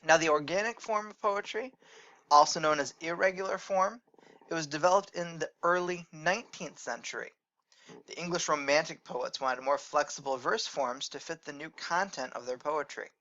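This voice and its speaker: A male teacher giving a recorded lecture in a slightly high voice, explaining step by step and pausing to correct his slips. The recording is dull and lo-fi. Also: sharp tone.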